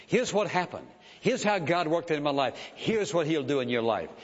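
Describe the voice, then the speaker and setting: A man's voice: on the high side, sing-song, normal speed. A man preaching a sermon in a church, earnest and emphatic, often breaking in with "listen" to press a point. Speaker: pastor. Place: church sanctuary. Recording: dull sound with long hall reverb.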